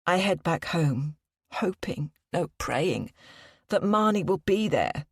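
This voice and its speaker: A woman's voice: lowish voice, slightly rough, no echo, studio quality. A woman narrating a tense first-person story as an audiobook reader.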